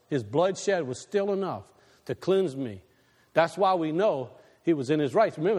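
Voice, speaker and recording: A male pastor preaching a sermon, animated, swinging between loud bursts and quiet, low asides. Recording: long reverb in a large hall.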